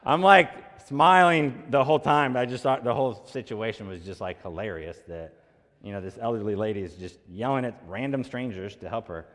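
A man's voice: mid-range voice, a little fast, a bit bright. A man preaching a sermon as pastor, telling a story in a conversational way and acting out the quoted voices. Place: church sanctuary. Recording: long hall reverb.

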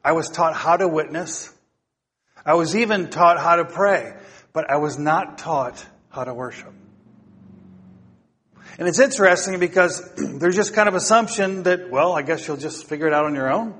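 Earnest pastor preaching in a reverberant hall. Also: male voice, on the high side, normal speed, fairly bright tone, breathy edge. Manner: earnest, exhorting, asks the congregation questions. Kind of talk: sermon.

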